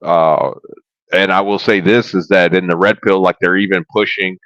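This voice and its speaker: A man's voice: low voice, fairly even intonation, moderate pace, fairly bright tone, no room sound, dull audio. A man speaking as a panel guest, hesitant and full of fillers as he thinks aloud.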